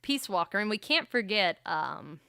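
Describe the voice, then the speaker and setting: A woman's voice: mid-range voice, big pitch swings, normal speed, creaky, pushed and bright, clear, resonant tone, dry recording. A woman chatting casually on a livestream, rambling about games with frequent laughs. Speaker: streamer.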